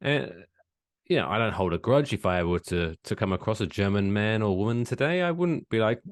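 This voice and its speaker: A man's voice: fairly low pitch, expressive, brisk, dry recording, studio quality. A British man co-hosting a podcast in casual chat, with wry, understated jokes. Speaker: podcast co-host.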